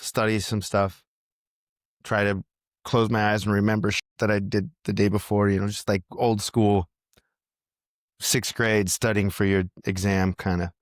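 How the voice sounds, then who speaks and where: Laid-back American man, low voice. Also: dry recording, clean studio sound. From United States. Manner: relaxed, laughs often, swears casually. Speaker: podcast guest. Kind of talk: casual chat.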